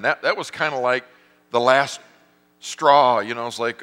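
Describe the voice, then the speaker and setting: A man's voice: mid-range voice, normal speed, pushed and bright, clear, resonant tone. A middle-aged man, a pastor, preaching a sermon, telling stories and acting out voices with self-deprecating humor. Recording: reverberant hall.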